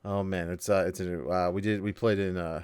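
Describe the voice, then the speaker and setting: A man's voice: low voice, steady tone, fairly quick, darkish tone, clear, resonant tone, no echo, clean studio sound. A man co-hosting a casual gaming news chat, rambling and profane, often restarting his sentences and joking at his own expense. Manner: rambling, profane, self-deprecating, many restarts. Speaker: podcast co-host.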